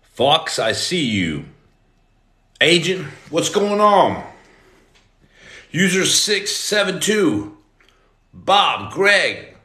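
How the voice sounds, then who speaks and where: A man in his forties hosting a casual live stream, greeting viewers by name and breaking into loud outbursts. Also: a little high, very animated, very slow, pauses often. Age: 40s. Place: room at home. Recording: echoey room.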